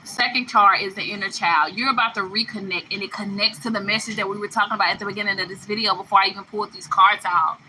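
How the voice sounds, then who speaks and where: A woman with a mid-range voice and steady tone talks at a quick pace with few pauses, sounding pushed and bright in a low-quality recording with a little hiss or hum. Reading tarot spiritually, she speaks to the listener affectionately and emphatically, repeating phrases and laughing between them.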